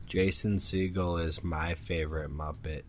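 A man co-hosting a podcast, dropping goofy deadpan jokes in casual chat. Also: low voice, unhurried, faint music behind. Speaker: podcast co-host.

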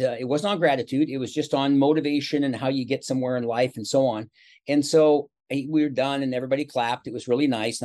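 Man, 60s, motivational speaker guesting on a podcast; chatty storyteller, voice of middling pitch. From Seattle, USA. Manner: chatty, animated storyteller with quoted dialogue. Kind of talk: casual interview storytelling.

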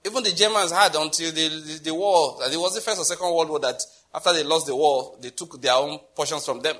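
Nigerian pastor with husky bright voice. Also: male voice, on the high side, brisk. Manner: conversational preaching with repetitions and chuckles. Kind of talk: sermon.

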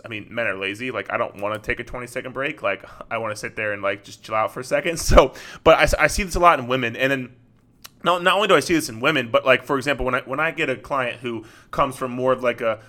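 A man's voice: a little high, sharp tone. A man who works as a fitness coach, talking straight to the listener in an earnest solo podcast monologue.

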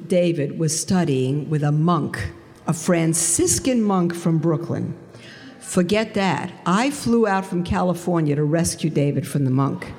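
Animated woman storyteller in a hall. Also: deep voice, a little hiss or hum. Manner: animated storytelling, acting out quoted dialogue. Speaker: speaker giving a faith testimony. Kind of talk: storytelling talk to an audience.

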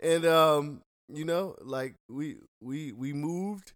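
A man's voice: on the high side, slow pace. A man hosting a casual podcast from a home studio, loose and joking, laughing often. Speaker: podcast host.

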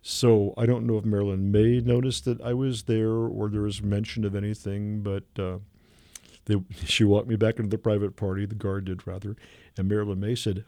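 A man telling a lively anecdote as a radio guest, acting out the people he quotes. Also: on the low side, normal speed, dry recording. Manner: animated anecdote teller who acts out the people he quotes. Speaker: guest artist and illustrator. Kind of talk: radio interview storytelling. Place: radio studio.

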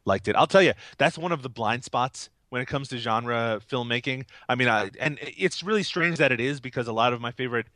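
A man's voice: mid-range voice, a little fast, few pauses, bright, forceful tone, no echo. A man co-hosting a podcast in casual, rambling, enthusiastic chat, often laughing, while recovering from a cold. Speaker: podcast co-host.

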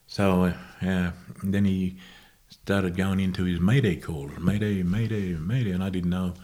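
Man, very low voice, interview guest; slow, halting storytelling that keeps correcting itself. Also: steady tone, a little mellow. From Australia. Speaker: guest musician.

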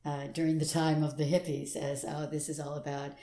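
An older woman, a stage actress, telling stories in a casual interview, animated and acting out the voices of the people she quotes. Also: low voice, a little fast. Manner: animated storyteller who acts out quoted voices and laughs often. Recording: roomy echo.

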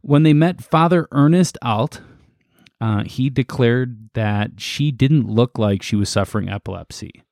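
A man co-hosting a casual podcast chat, relaxed and halting as he reads from his notes. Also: mid-range voice, dry recording, studio quality. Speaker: podcast co-host.

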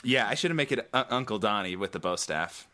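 A man chatting casually on a podcast with a lowish, sharply bright voice. His humor is wry, and he peppers his points with pop-culture references. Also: animated, fairly quick. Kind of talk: casual chat.

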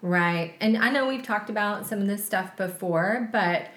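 A woman's voice: mid-range voice, normal speed, a bit bright, reverberant. A woman in her forties co-hosting a podcast, talking in an enthusiastic, chatty way. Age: 40s. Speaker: podcast co-host. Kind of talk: casual chat.

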